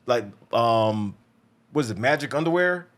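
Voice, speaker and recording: A man's voice: medium pitch, lively intonation, normal speed. A man hosting a movie review show, casually recapping a film with lots of restarts and profanity. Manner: rambling, many restarts, acts out quotes. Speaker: movie review podcast host.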